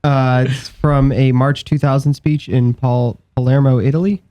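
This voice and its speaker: A man on a podcast reading a quotation aloud slowly and carefully. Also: medium pitch, fairly even intonation, warm tone.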